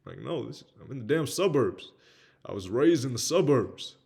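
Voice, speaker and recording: A man's voice: medium pitch, big pitch swings, moderate pace, vocal fry, a little mellow, husky. A young man with a Southern US accent giving a blunt, candid motivational talk about his own life. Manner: blunt, slangy, peppered with "man". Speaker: motivational speaker.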